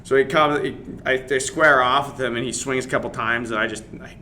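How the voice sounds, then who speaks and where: A man's voice: mid-range voice, brisk, a little hiss or hum. A man in a podcast interview, an MMA fighter casually telling a story, swearing and acting out the other people's lines. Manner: animated, swears, acts out dialogue, laughs while telling.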